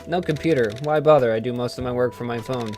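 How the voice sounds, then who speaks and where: A man's voice: mid-range voice, quick pace, a little mellow, lightly acted. A man voicing a hard-boiled ghost private detective, reading his lines in a dry, world-weary way over faint game music.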